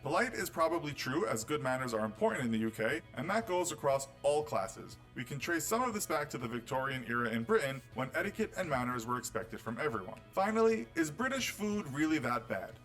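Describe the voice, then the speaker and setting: A man's voice: medium pitch, very animated, a little fast, few pauses, fairly bright tone, poor audio. Male documentary narrator, scripted, wry tone, faint music behind. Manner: wry, teasing delivery of facts. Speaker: video narrator.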